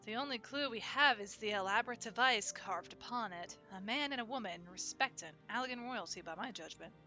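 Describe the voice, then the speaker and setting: A woman's voice: a little high, sharp tone, soft background music. Game NPC dialogue, read by a woman. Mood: matter-of-fact. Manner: plain unhurried read-aloud.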